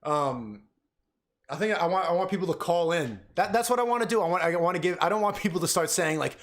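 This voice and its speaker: Young male streamer, high bouncy voice, profane, mocking rants. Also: animated, fast talker. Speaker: live streamer. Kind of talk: stream reaction rant.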